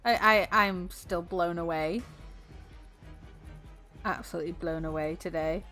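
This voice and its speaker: A woman's voice: on the low side, unhurried, pushed and bright, faint music behind. A woman streamer chatting casually with her viewers, bubbly and giggly, laughing often.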